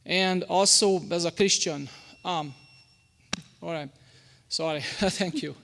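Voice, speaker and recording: A weary man with a Hungarian accent addresses a school board during public comment. He stumbles over words, restarts, and apologizes as he goes. His voice sits a little high and trails into a long hall reverb. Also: gravelly, fairly bright tone. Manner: halting, apologetic, many restarts. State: tired. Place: school board meeting room.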